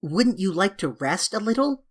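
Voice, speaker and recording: A woman's voice: mid-range voice, big pitch swings, moderate pace. A woman voicing an eager, coaxing young English girl who pleads dramatically, in a storybook reading. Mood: pleading.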